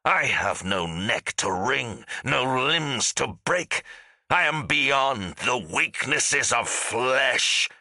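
A man's voice: on the high side, lively intonation, extremely slow, vocal fry, bright, forceful tone, slightly rough, no room sound, clean studio sound, pitched above the performer's own voice, exaggerated voice. A man voicing a bodiless male wraith that gloats over the living in grand, menacing proclamations.

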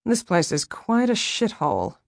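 A woman's voice: mid-range voice, sing-song, a little slow, dry recording, studio quality, pitched above the performer's own voice. A woman voicing a scornful, bossy older society lady.

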